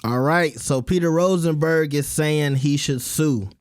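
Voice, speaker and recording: A man with a fairly high voice delivers blunt, opinionated commentary on his own channel. The sound is close and dead dry, with no room around it. He talks casually, like he's ranting to friends. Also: a little slow, no room sound.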